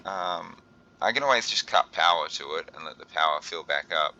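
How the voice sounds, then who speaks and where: A deep-voiced young man talks his way through a game as he plays. His tone is bright and forceful. He keeps stumbling over his words and restarting his sentences. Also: animated, normal speed, lo-fi sound, a little hiss or hum. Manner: flustered, thinks aloud with many fillers and restarts. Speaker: gaming video host. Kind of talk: let's play commentary.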